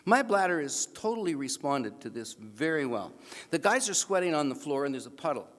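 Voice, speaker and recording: A man giving an animated, self-mocking storytelling speech at an awards event, acting out the other people in his story. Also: a little high, brisk. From Canada. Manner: animated, self-mocking anecdote with acted-out voices. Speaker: awards speaker. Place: banquet hall. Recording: reverberant hall PA sound.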